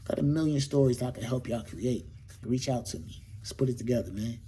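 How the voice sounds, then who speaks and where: A man's voice: mid-range voice, fairly quick, warm tone, a little hiss or hum. A middle-aged man hosting his own show, talking casually and animatedly, with lots of slang, rhetorical questions and repetition. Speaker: host. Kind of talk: casual monologue to camera.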